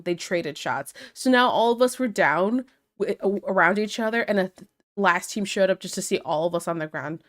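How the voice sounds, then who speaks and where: Young woman, streamer, casual chat, middle pitch, laughs often, reads chat aloud.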